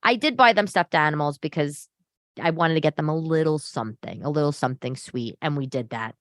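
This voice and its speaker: New woman host in her thirties, lowish voice, animated sarcastic rants, dry close sound. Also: a little fast, dry recording. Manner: animated, ranting, sarcastic asides. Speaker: podcast host. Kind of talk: casual solo podcast chat. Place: home living room.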